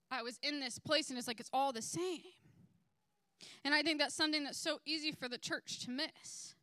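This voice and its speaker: A young woman gives a relaxed testimony at church, her high voice clean, with no room sound at all. She narrates with energy, peppering it with "like" and putting on different voices for the people she quotes.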